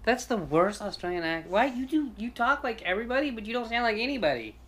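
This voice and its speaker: A man's voice: very high voice, lively intonation, fast talker, a bit bright. Swearing teasing gamer guy, voice bouncing up and down a lot. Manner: profane, teasing, exasperated. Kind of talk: casual co-op gaming chat.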